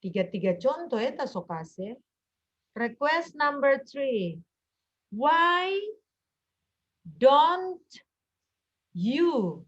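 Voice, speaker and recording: Slow high-voiced teacher. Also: female voice, very animated, dull audio. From Indonesia. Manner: slow, deliberate, repeats example phrases, drills. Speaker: English teacher. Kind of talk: online classroom lesson.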